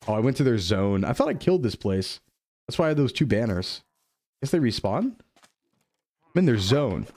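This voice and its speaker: A young man chatting casually while streaming a game, playful and quick to drop into goofy voices. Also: medium pitch, big pitch swings, darkish tone, dry recording, clean studio sound. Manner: playful, jumps into goofy voices and dub impressions. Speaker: VTuber streamer. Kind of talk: casual gaming chat.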